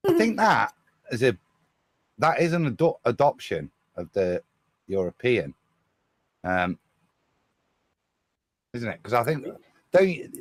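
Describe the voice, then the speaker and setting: A man's voice: mid-range voice, no room sound. A man from the English Midlands, speaking with a Midlands accent that drops the H's, musing casually as a panel guest. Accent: English Midlands, drops his H's. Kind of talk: casual online panel chat.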